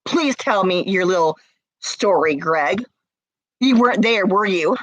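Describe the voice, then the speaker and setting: Slow, tearful woman confronting someone. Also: medium pitch, expressive, dry recording, rough recording. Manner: confrontational, repeated pointed questions. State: crying. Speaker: vlogger. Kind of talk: emotional direct-to-camera rant.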